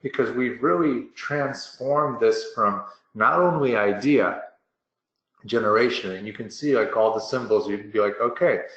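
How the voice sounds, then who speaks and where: Man, webinar demo presenter, bright forceful voice, upbeat salesy talk, muffled roomy recording. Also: fairly low pitch, moderate pace. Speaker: software presenter. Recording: dull, roomy online webinar audio.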